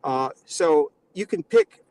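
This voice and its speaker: A man's voice: on the high side, huge pitch swings, slow pace, darkish tone, poor audio. A man with a nasal voice, lecturing in a mock-condescending way during a casual comedic panel chat.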